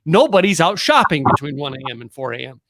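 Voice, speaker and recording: A man co-hosting a casual business podcast, talking in halting bursts with repeated words and restarts. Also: a little high, sing-song, creaky, background noise. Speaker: podcast co-host.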